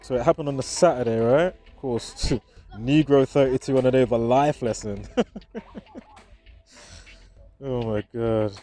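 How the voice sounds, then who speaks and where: A man's voice: medium pitch, normal speed, dark tone, faint music behind. A man vlogging outdoors in a park, in casual commentary to viewers, chuckling often and chatty, with frequent restarts.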